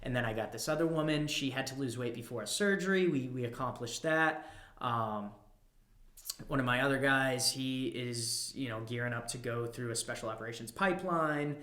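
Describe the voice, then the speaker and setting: A man's voice: mid-range voice, moderate pace, bright, forceful tone, reverberant. A man, a personal trainer and guest on a podcast, telling stories animatedly in casual chat and swearing freely.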